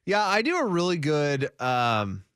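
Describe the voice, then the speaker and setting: A nasal-voiced man co-hosts sports talk radio, joking playfully, and his pitch jumps up and down as he talks. He sits close to a studio mic in a dry, dead-sounding room. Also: unhurried, clear, resonant tone, no echo. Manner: playful, animated banter. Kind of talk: casual sports radio chat. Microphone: studio microphone.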